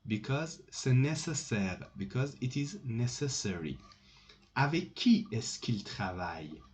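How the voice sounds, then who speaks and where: Slow, mellow-voiced man teaching French. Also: medium pitch, big pitch swings. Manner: slow and repetitive, restarting phrases often. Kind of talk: slow explanatory lesson. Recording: dull lo-fi recording with keyboard typing.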